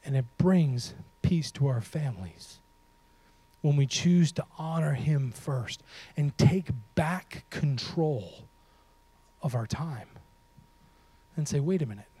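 A man preaching a sermon, animated and humorous, talking straight to his audience and dropping to a hush for emphasis. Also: fairly high pitch, takes it slowly, husky, no room sound. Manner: animated, swings from loud to hushed for emphasis; humorous, talks to the audience directly. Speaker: pastor.

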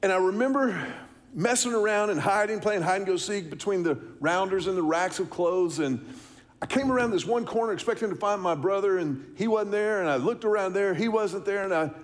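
A man's voice: sits high, moderate pace. A middle-aged man, preaching a sermon, telling a story and asking the congregation questions. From Texas, US. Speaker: pastor.

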